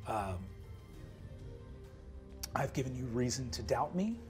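A man's voice: medium pitch, animated, a little mellow, soft background music, pitched below the performer's own voice. Man playing a blunt, swearing woman ranger. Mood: remorseful. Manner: earnest, swears freely, rushes through apologies. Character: blunt grown woman ranger, rough but caring.

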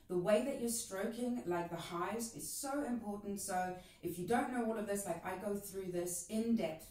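A woman teaching a cajon lesson in a casual, encouraging way, counting the rhythm out loud as she plays. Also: on the low side. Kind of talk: video lesson. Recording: roomy and distant, with cajon playing.

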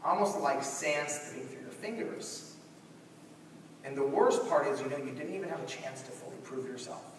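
A young man giving a storytelling keynote in a large conference hall, animated and acting out scenes. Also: mid-range voice, moderate pace, a little hiss or hum. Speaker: keynote speaker. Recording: echoey hall from far off.

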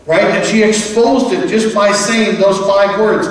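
A man's voice: high voice, normal speed. Preaching man in an echoey hall. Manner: conversational, animated preaching with quoted voices. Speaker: pastor. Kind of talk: sermon. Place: large church hall. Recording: echoey church hall, from far off.

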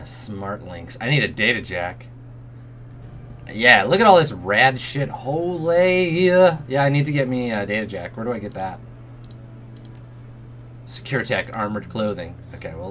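A man's voice: lowish voice, measured pace, long pauses, sharp tone, slight background noise. A man streaming a role-playing game, casually commenting in a jokey way, swearing and often muttering under his breath. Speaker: let's play streamer.

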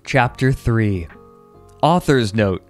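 A man reading a story aloud on his stream in a slow, mock-dramatic way. His pitch swings widely as he hams up each line, with faint music playing behind him. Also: lively intonation, a little mellow. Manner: mock-dramatic, breaks into laughter.

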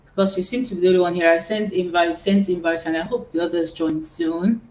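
A woman's voice: on the low side, fairly even intonation, fairly quick, a little mellow. A woman from Nigeria teaching singing on a live stream, explaining at length and repeating words as she thinks. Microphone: phone. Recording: roomy phone live stream with faint hiss.

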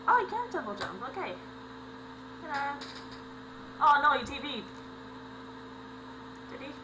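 A young woman hosting a gaming channel, giving excitable let's-play commentary with sudden yelps and laughs, on a home recording with mains hum. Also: high voice, a little slow.

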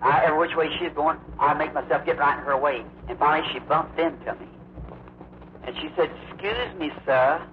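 A man preaching, telling a story with drawn-out, emphatic phrasing and acted quotes. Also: a little high, steady tone. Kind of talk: sermon storytelling. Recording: muffled old recording, faint hiss.

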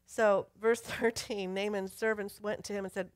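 A woman pastor preaching a sermon, telling a Bible story with lively bursts of emphasis and reading scripture aloud. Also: medium pitch, normal speed, no room sound. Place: church sanctuary.

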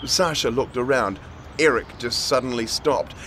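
A man reading a children's story aloud in a playful, expressive way. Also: medium pitch, moderate pace, slight background noise.

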